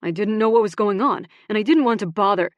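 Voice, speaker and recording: A woman's voice: mid-range voice, quick pace, no echo, highs cut off, voice pushed up, close to an everyday voice. A woman doing a blunt, heated young man. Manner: blunt and loud.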